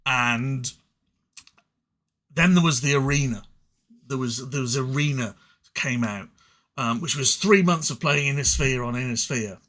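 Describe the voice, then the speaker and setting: In an unhurried, mid-range, slightly bright voice broken by long pauses, an English-accented man from England goes through card game cards in a casual solo review. He rambles, jokes at his own expense, and restarts sentences with frequent stutters.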